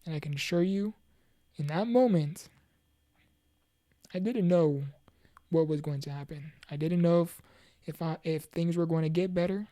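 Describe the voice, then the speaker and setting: Low mellow woman talking earnestly about her mental health journey, lots of um and you know, kind of preachy about faith. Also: no echo, studio quality. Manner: earnest, heartfelt, halting with fillers and restarts; preachy, faith-focused encouragement. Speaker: motivational speaker. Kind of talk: personal mental health testimony.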